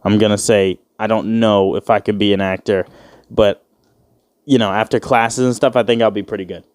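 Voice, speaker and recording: In a recording with no room sound, a man in his twenties hosts his own casual podcast, rambling and joking, swearing freely and acting out what others said. His voice is lowish and darkish, with fairly even intonation at normal speed.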